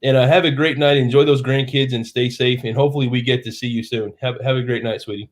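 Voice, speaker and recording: A man's voice: mid-range voice, steady tone, fast talker. A man hosting a casual live stream chat, a bit tipsy from drinking, rambling and losing his train of thought. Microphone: live stream setup.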